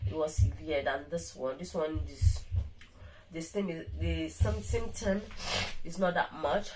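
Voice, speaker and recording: A woman's voice: deep voice, measured pace, noisy background. Weary woman rambling through a sick-day vlog. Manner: rambling, repeats words and restarts often. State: weak and tired from illness. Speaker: vlogger. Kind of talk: casual vlog monologue.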